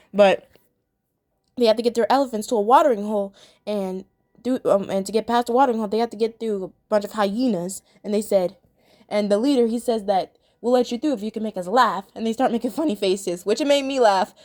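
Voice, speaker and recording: Giggly young woman, slightly high voice. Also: darkish tone. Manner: chatty and giggly, many ums and restarts. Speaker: episode reviewer. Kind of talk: casual chat.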